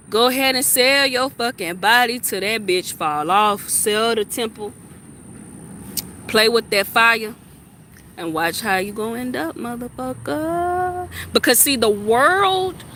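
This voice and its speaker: A woman's voice: fairly high pitch, sharp tone. Heated, scolding woman ranting outdoors. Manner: heated, scolding, repeats lines for emphasis. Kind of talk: ranting monologue to camera. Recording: faint street noise outdoors.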